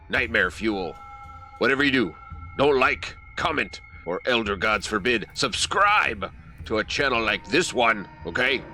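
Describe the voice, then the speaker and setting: A man voicing a scheming, smug male forest overlord spirit in a slow, mock-sinister comedic monologue. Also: mid-range voice, bright, forceful tone. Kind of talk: comedic sponsor-style skit.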